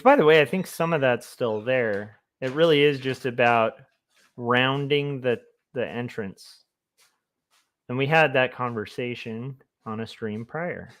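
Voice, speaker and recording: A man's voice: mid-range voice, a bit bright. A man, a comic artist, chatting casually on a livestream in a rambling, self-amused way. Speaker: comic artist streaming his work.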